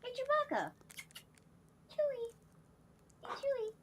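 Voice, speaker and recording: A woman doing a high cooing baby-talk pet voice. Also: wildly swooping pitch, slow, a bit bright, full character voice. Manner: high gushing sing-song.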